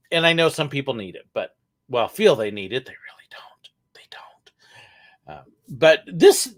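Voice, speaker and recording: Chatty punning man hosting a live Q&A. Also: mid-range voice. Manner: chatty, rambling, cracks corny puns. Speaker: livestream host answering viewer questions. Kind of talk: casual live Q&A chat.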